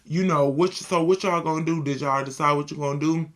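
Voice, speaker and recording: A woman acting out a laid-back young man who gets defensive, with a lowered, drawling voice. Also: fairly even intonation, brisk, a bit bright. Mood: casual. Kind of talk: storytime reenactment.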